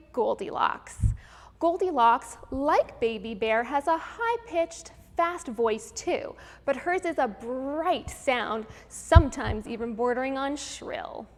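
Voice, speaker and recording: A woman hosting a live virtual music lesson for children, explaining each idea clearly and step by step in an upbeat teacher's manner. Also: high-pitched. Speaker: host of a children's music program. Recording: long room reverb with faint background noise.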